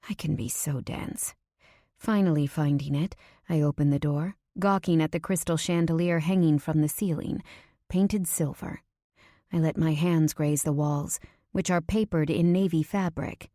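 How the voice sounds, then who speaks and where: A woman narrating a first-person romance audiobook in an intimate way, dropping at times to breathy whispers. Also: sits low, warm tone, no room sound, studio quality.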